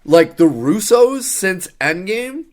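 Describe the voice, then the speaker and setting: A man's voice: high voice, big pitch swings, slow, darkish tone. A young adult man co-hosting a casual podcast, reviewing a movie in an exasperated, sarcastic rant. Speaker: podcast co-host.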